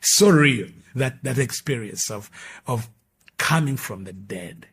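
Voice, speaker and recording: A middle-aged male pastor, giving his testimony as an emphatic storyteller who swings between loud and hushed. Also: medium pitch, animated, slow. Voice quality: very husky. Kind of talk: testimony sermon.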